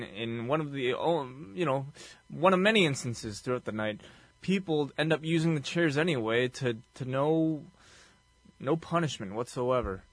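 A man's voice: medium pitch, a bit bright, dry recording. A man co-hosting a podcast, chatting in a laid-back, rambling way with lots of fillers. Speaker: podcast co-host. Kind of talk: casual recap chat.

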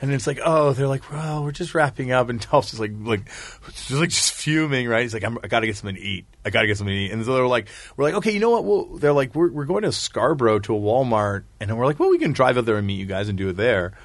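A man's voice: medium pitch, expressive, fast, no echo. A man in casual chat, telling long rambling anecdotes and laughing often. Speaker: podcast guest, musician.

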